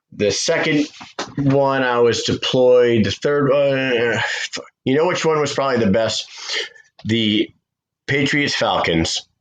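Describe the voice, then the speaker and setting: A man with a somewhat low voice tells a long story in a loose podcast chat. He swears freely and gets animated as he talks. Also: low-quality recording. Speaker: podcast co-host. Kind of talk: casual chat.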